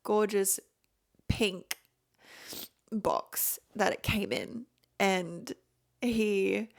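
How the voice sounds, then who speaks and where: A woman's voice: mid-range voice, fairly even intonation, extremely slow, gravelly. A woman hosting a podcast, telling a personal story in a gushing, emotional way and laughing often. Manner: gushing, repeats words. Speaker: podcast host.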